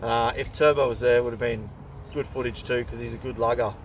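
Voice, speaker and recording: A man's voice: medium pitch, steady tone, brisk. A man telling a rambling hunting story in casual slang and chatting to his dogs outdoors. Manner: loose, rambling yarn with laid-back slang. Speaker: pig hunter and channel host. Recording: distant mic outdoors with faint background noise.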